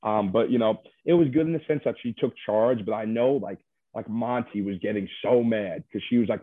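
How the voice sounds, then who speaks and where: A man's voice: lowish voice, moderate pace, no echo. A man who was a reality show contestant, chatting casually and rambling loosely with lots of fillers as he is interviewed over a call. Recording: dry tinny phone line.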